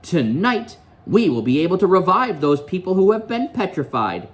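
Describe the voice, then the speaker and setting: A man's voice: high-pitched, sing-song, pitched above the performer's own voice. A man doing a stern female professor. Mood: formal. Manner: formal, measured announcement. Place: classroom.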